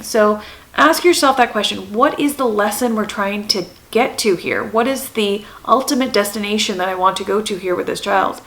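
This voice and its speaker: A woman's voice: fairly high pitch, a bit bright, low-quality recording. A woman in her thirties, hosting a parenting channel, talking to camera in an earnest way and repeating her questions for emphasis. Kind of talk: advice talk to camera.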